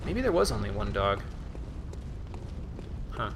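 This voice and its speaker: A man's voice: fairly low pitch, very animated, takes it slowly, noisy background. A man casually commenting on his own play during a live game stream, muttering and chatting with viewers. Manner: chatty, mutters to himself, reads chat aloud.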